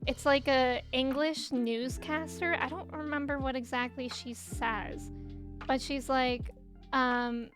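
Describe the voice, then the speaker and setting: A woman with a high, slightly nasal voice chats breezily with her viewers while she plays a game. She is bubbly, talkative and quick to laugh. Faint game music plays softly behind her. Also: fairly even intonation. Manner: bubbly, chatty, laughs often. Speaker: streamer. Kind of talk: casual chat while gaming and reading chat.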